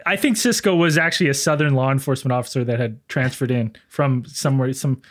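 A man's voice: mid-range voice, quick pace. Laughing man in casual chat. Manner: laughs often, rambling. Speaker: podcast co-host.

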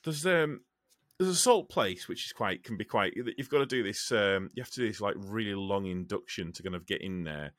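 Bloke rambling on, swears a lot, voice jumps all over, dry close sound. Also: male voice, fairly low pitch, moderate pace, no room sound. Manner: rambling, swears freely, animated storytelling. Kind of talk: casual chat.

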